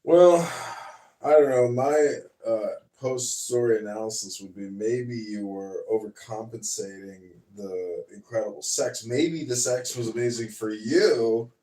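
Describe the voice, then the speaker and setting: Slow, blunt man with a dark voice. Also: mid-range voice, roomy sound, distant mic, poor audio. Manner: blunt, profane reactions. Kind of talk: casual chat.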